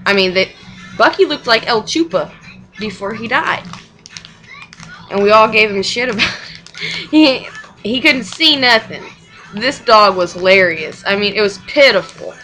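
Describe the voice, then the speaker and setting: A woman's voice: medium pitch, expressive, unhurried, pauses often, sharp tone, faint music behind, low-quality recording. A young mother telling a personal story in casual chat, rambling and frank, with swearing and short laughs.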